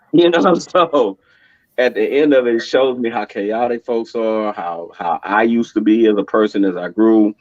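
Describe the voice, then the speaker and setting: A man's voice: lowish voice, moderate pace, dry recording. A man speaking as a podcast guest in casual conversation, telling stories with laughs and acting out quotes. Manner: animated, laughing storyteller who acts out quotes. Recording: dull, dry lo-fi sound.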